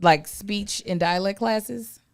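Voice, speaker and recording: A woman co-hosting a casual podcast, teasing and quick with comebacks. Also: medium pitch, very noisy. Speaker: podcast co-host. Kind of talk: casual chat.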